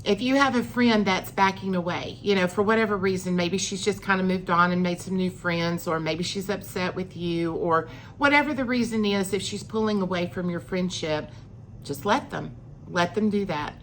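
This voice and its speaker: A woman's voice: fairly low pitch, normal speed, slight background noise. A middle-aged woman, telling a personal story in a chatty vlog, acting out what people said. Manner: chatty, acts out quoted lines with rising emphasis. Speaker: vlogger.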